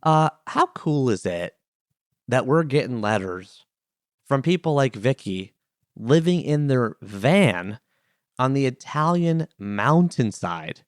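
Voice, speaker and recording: Man, podcast host, enthusiastic and playful, very expressive pitch, dry close sound. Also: slow pace, no echo. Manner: enthusiastic, playful, musing aloud. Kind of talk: solo podcast segment, reading a letter and explaining a word.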